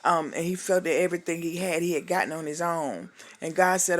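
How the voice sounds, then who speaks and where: A woman's voice: fairly low pitch, brisk. A woman minister giving an emotional spoken testimony, fervent and preachy, calling the listener honey and holding back tears. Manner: calls the listener "honey", exclaims hallelujah.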